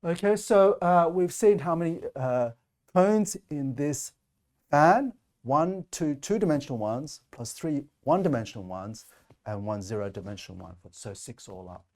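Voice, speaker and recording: A man's voice: fairly high pitch, expressive, normal speed, darkish tone. A man giving a recorded mathematics lecture, explaining step by step with frequent "uh" and "okay". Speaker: math lecturer.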